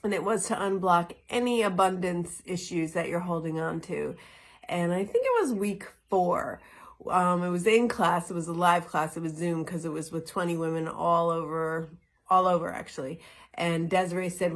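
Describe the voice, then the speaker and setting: A middle-aged woman hosting a wellness vlog, talking in an earnest, reflective way with soft laughs, speaking from a greenhouse. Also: lowish voice, normal speed. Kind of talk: casual spoken talk.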